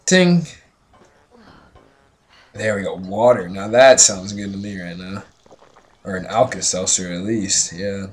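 A man's voice: low voice, steady tone, moderate pace, slightly rough. A drunk man giving casual gameplay commentary, rambling and swearing with joking asides. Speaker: let's play gamer.

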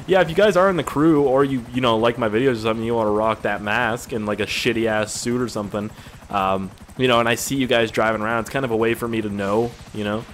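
A young man talks casually over his gameplay, rambling and swearing freely, easily amused. His voice sits at a middle pitch and sounds a little tired. Faint game noise runs underneath. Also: fast, fairly bright tone. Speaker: gaming video creator.

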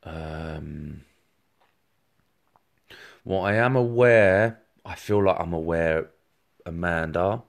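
A man's voice: low voice, slow, gravelly, long pauses. A man giving a rambling live-streamed psychic reading, talking straight to viewers with many fillers and restarts. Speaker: psychic medium.

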